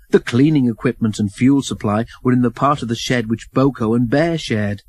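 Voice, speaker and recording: A man narrating a children's storybook in an expressive, even reading. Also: medium pitch, normal speed, hardly any pauses, husky, no room sound, rough recording.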